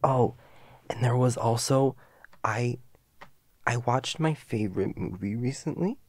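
A young man in a whispered role-play as a goofy, playful boyfriend, drifting between silly chatter and soft tender asides. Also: mid-range voice, a little slow, long pauses, dry recording.

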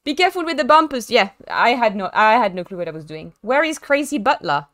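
A young French woman chats her way through a racing stream in a bright, fairly high voice that leaps around with every story. Her delivery is animated and self-mocking, full of quick theatrical asides. The sound is dry and close, with no room around it. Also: dry recording. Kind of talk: casual live-stream chat while sim racing.

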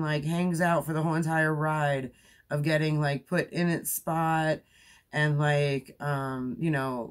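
A woman in her forties talking casually to her viewers. She rambles, laughs often and fills her sentences with ums and likes. She sounds tired from being up all night. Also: deep voice. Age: 40s. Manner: rambling, chatty, laughs often, many fillers. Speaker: crochet vlogger. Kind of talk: casual chat.

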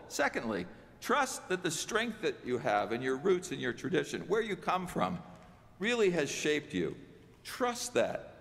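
Male pastor, sermon, chatty asides to the pews, gravelly, long church echo. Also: on the high side, a bit bright. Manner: conversational preaching with asides to the congregation. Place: church sanctuary.

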